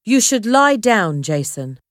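A woman reading a steady fishing captain. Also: medium pitch, slow pace, no echo, clean studio sound. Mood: gentle. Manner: firm, calm instructions. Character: steady middle-aged male fishing-schooner captain.

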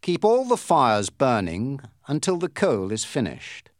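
A man doing a calm, formal English gentleman. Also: mid-range voice, a little slow, no echo, clean studio sound.

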